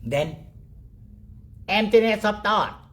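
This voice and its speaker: A man leading a guided meditation talk in simple broken English, pausing often and asking "okay?". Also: high-pitched, animated. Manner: repeats short words softly, trailing off quieter. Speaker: meditation teacher.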